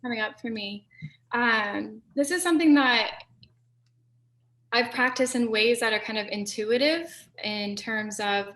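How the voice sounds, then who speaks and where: Young female coach, slightly high voice, reflective chat, recorded in a roomy space away from the mic. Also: a little slow, fairly bright tone, recorded from a distance. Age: young adult. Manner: reflective, personal, conversational. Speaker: business coach. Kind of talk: conversational webinar input.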